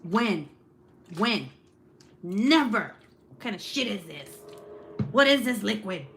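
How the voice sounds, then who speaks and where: Loud, profane woman chatting on a live stream. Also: medium pitch, sing-song, takes it slowly, creaky, slight background noise. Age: 30s. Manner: loud and profane, laughing often. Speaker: host. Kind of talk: casual live-stream chat.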